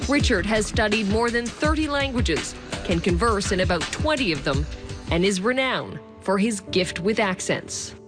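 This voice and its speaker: A woman reading a scripted news feature narration in a measured voice, with music behind her. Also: mid-range voice, animated. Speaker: narrator, reporter.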